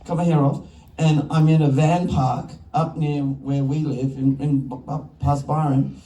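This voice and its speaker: A slightly high, slightly slow male voice with few pauses belongs to an Australian film director sharing animated stories that he keeps breaking off mid-thought. The setting is an onstage festival talk with an audience, recorded in an echoey hall from a distance.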